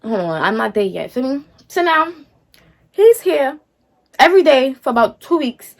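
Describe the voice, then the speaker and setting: A woman's voice: high-pitched, sing-song, normal speed. A young woman telling a personal story to her viewers in a sassy, slangy, dismissive way, often checking in with "feel me?". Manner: slangy, talks straight to viewers, keeps asking "feel me?". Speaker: storytime vlogger.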